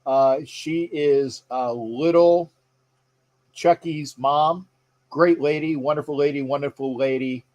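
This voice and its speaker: On a casual live sports stream, a man with a slightly high, a little mellow voice talks slowly and chattily, his intonation fairly even. He rambles, reads viewer comments aloud, and keeps breaking off to greet viewers, with frequent fillers and restarted sentences.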